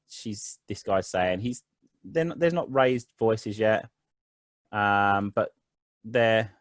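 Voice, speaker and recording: Low-voiced guy running a tabletop game, rambly, lots of ums, dry close sound. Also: dry recording. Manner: rambling, many fillers and restarts. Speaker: game master.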